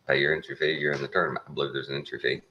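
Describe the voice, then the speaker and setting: A man's voice: rumbling low, flat delivery, rapid-fire, sharp tone, highs cut off, slight background noise. A man with a Texan accent giving a folksy, plain-spoken opinion monologue with a wry edge. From Texas. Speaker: show host.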